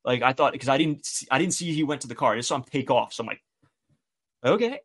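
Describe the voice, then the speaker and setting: A man's voice: medium pitch, racing. A man co-hosting a podcast, casually retelling a story and acting out the quoted dialogue. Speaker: podcast co-host.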